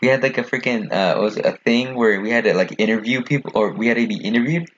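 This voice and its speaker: A young man co-hosting a casual podcast chat, talking fast and rambling with lots of fillers and swearing. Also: mid-range voice. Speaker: podcast co-host. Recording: dull lo-fi sound with faint noise.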